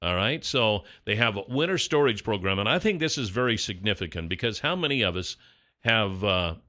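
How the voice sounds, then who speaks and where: A middle-aged man co-hosting a local morning radio show. His voice sits low but has a bright, forceful edge. He talks in an easygoing, chatty way and leans on relaxed fillers. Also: a little fast. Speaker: radio co-host. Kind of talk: casual radio chat with sponsor reads.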